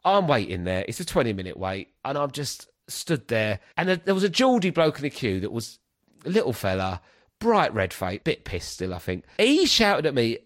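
A man's voice: medium pitch, normal speed. A man, a comedian and podcast host, telling a story in a casual chat and acting out the voices. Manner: animated, acts out voices.

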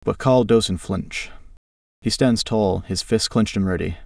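A man narrating an adventure story in a steady, dramatic read with a low, gravelly voice. He sits back from the mic in a dry, deadened space. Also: unhurried, no echo, far from the mic.

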